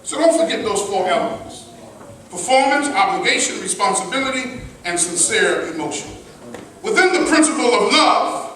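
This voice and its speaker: A man preaching a sermon as minister, shifting between loud emphatic lines and soft asides, with a crowd answering back. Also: very high-pitched, lively intonation, moderate pace, a little hiss or hum. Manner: preaching with sudden shouts and hushed asides. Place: large mosque hall. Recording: echoey hall, mic at a distance. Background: responsive crowd.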